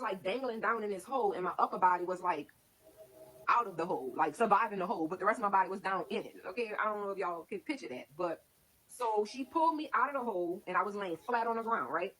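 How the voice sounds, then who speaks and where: A woman with a mid-range, fairly bright voice talks fast while candidly recounting her life story to her stream viewers. She rambles and says "like" constantly, and her streaming-setup recording is low quality with a bit of hiss or hum.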